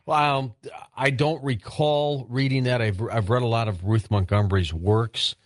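A man's voice: medium pitch, fairly even intonation, normal speed, no echo. A man hosting a late-night call-in radio show, easygoing and curious, weighing his answers thoughtfully at a studio microphone. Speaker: radio talk show host.

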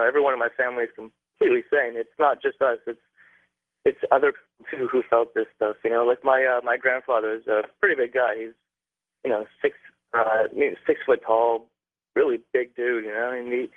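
Young male caller from Canada, halting phone storyteller, tinny and dry line. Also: mid-range voice, no echo. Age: young adult. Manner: halting, many fillers and restarts.

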